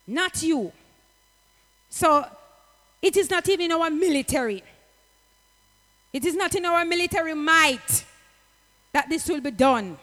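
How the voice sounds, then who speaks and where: A woman preaches an impassioned sermon, slipping into patois as she goes. Her voice sits high and bright, and it rings with the long echo of a hall. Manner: impassioned, slips into patois, rises to shouts.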